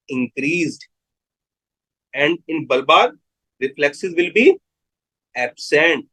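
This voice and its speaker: A man with a fairly high, slightly bright voice and an Indian English accent delivers a live medical lecture, caught on a low-quality recording. He repeats key terms and poses questions to his students.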